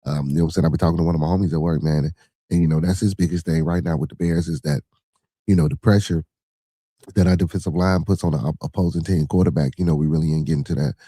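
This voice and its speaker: A man's voice: extremely low pitch, steady tone, fast talker, warm tone, no echo. A man hosting a podcast, rambling in casual talk with lots of fillers and blunt swearing. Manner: rambling, frequent filler phrases, blunt and profane. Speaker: podcast host. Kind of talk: casual livestream talk answering chat.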